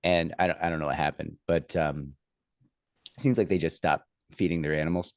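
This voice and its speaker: Very low-voiced man in casual chat. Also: steady tone, a little fast, gravelly, no echo, clean studio sound. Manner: rambling, many fillers and restarts; acts out others' lines when telling a story.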